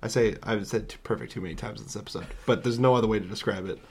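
A man's voice: on the low side, fairly even intonation, rapid-fire, creaky, slightly rough. A young man co-hosting a podcast, chatting casually about a movie with short, agreeable, enthusiastic replies. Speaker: podcast co-host. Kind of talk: casual movie review chat.

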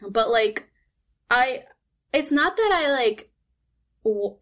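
A young woman co-hosting a podcast, talking in chatty, animated casual chat with many "like" fillers. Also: sits high, slow. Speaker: podcast co-host.

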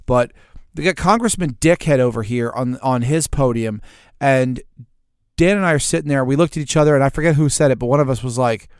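A man co-hosting a podcast, telling a story in an animated way and cursing freely. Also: mid-range voice, fairly quick, clear, resonant tone, no echo, studio quality. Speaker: podcast co-host. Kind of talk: casual ranting chat.

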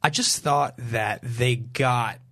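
A man's voice: mid-range voice, takes it slowly, pushed and bright. Rambling man saying "like" a lot. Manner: rambling, heavy use of "like". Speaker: podcast co-host. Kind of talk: casual chat.

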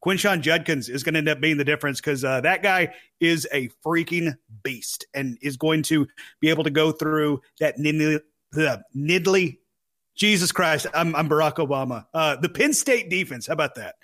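A man's voice: a little high, normal speed, fairly bright tone. A man co-hosting a casual sports podcast, teasing his co-hosts and rambling through his picks. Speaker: podcast co-host.

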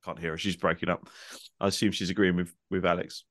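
A low-voiced man on a comedy podcast lays on sarcastic, mock-solemn praise for a friend's story. His voice sounds dry and close-miked. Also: level tone, fast talker, fairly bright tone, no echo. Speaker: podcast co-host. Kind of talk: casual banter among friends.

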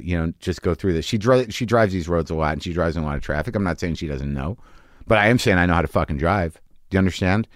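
Dry, low-voiced rambling man in his late forties. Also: no echo. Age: late 40s. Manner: rambling, animated storytelling with self-mocking asides. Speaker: podcast host. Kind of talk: comic monologue and interview. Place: home studio.

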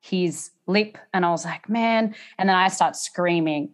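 Animated Australian mum telling her story. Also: on the low side, moderate pace, hardly any pauses. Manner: animated, acts out quotes in raised voice. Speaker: podcast guest. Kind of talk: candid storytelling.

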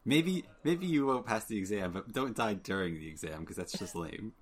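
A man's voice: on the low side, lively intonation, moderate pace, slight background noise. A young man co-hosting a podcast, throwing in wry quips during casual chat. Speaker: podcast co-host. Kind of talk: casual book-club chat.

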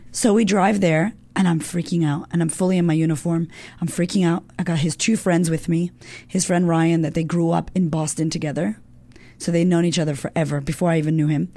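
A woman's voice: lowish voice, dark tone. A woman guest in an interview, telling a personal story casually and candidly, swearing often and filling her talk with "like".

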